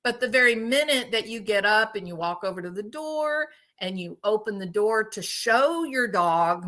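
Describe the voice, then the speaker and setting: A woman hosting a casual chat with her viewers, telling animated stories and laughing often. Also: mid-range voice, normal speed, hardly any pauses. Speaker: host.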